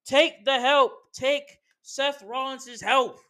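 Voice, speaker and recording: A podcast host rants in casual, slangy commentary, calling out the people he talks about. His voice sits high and sounds bright and crisp. He stays heated the whole way through. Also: fairly even intonation, slow pace. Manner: slangy, heated, talks straight to wrestlers and fans. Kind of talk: casual wrestling commentary rant.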